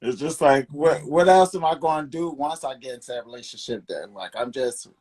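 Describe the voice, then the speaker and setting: A man's voice: mid-range voice, expressive, a little fast, darkish tone, breathy edge. A man in a candid talk-show chat who speaks reflectively, laughs often and strings thoughts together with "like".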